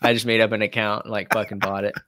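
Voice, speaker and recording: A man in his twenties, a guest musician, telling stories casually with animated, profane energy. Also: lowish voice, fast, no room sound. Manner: animated, profane, mimics people in quotes. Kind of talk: casual storytelling chat.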